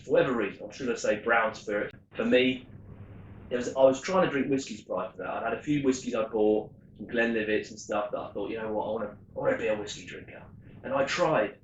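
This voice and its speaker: A man, telling stories in a chatty, animated way on a rum tasting vlog. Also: mid-range voice, highs cut off, slight background noise. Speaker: rum vlogger. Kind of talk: casual tasting vlog storytelling. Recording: echoey room.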